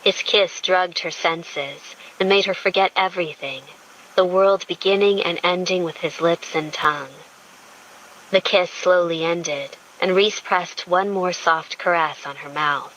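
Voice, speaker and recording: Woman narrator, audiobook romance, bright voice, lowish pitch, intimate delivery. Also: measured pace, slight background noise, rough recording.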